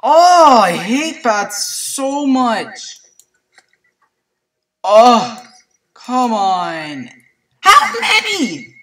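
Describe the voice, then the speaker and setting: A gameplay commentator chatting to viewers in a let's play, excitable and prone to yelps and shrieks at surprises. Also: medium pitch, drawn-out words, pauses often, distant mic, poor audio. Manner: chatty, talks to viewers as "guys".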